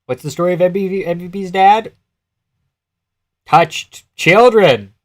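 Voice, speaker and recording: A man's voice: high voice, a little slow. A young man live-streaming casual commentary, laughing often, swearing and answering his chat as he talks.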